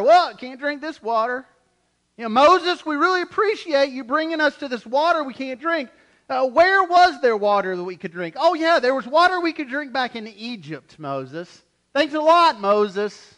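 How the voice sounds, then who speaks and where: A man's voice: extremely high pitch, animated, normal speed, pushed and bright, voice pushed up, exaggerated voice, poor audio. A man acting out a sarcastic Israelite grumbling at Moses in the desert, with a mocking, complaining manner.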